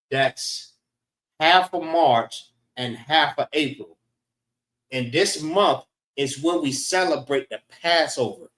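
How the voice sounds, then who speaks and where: A man teaching an informal scripture class in a relaxed way, often saying "all right" between points. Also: on the high side. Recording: roomy echo.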